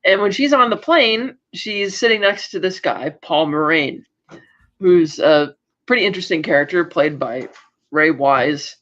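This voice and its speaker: Recapping a podcast episode he co-hosts, this man chats loosely at a measured pace, stumbling into restarts and frequent "like"s. His voice leans high, a bit bright and animated, on a dull, lo-fi recording.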